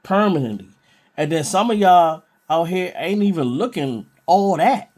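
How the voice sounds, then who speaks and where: A man's voice: sits high, animated, measured pace, a little mellow. A man preaching informally from scripture in a blunt, scolding way.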